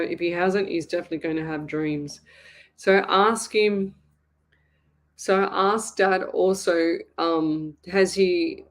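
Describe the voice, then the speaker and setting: Sympathetic Australian woman psychic, halting. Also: on the low side. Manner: sympathetic, halting, repeats herself. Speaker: psychic medium host. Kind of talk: live psychic reading on air.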